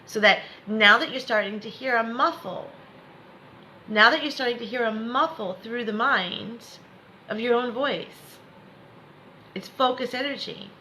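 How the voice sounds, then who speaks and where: A woman's voice: on the high side, unhurried, bright, forceful tone, slight background noise, poor audio. A woman spiritual coach leading a live guided meditation lesson, encouraging and reassuring viewers by name.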